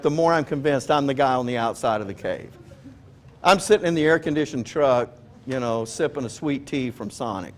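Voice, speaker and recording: A man preaching a sermon in a conversational, joking way, often asking his listeners questions. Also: a little high. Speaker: pastor.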